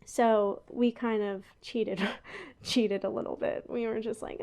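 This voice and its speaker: Chatty young woman podcaster, slightly high. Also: steady tone, slow pace, a little mellow, clear, resonant tone. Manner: chatty and rambling, with frequent laughs and asides. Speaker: podcast host. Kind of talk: casual chat. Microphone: headphones on, talking into a podcast mic.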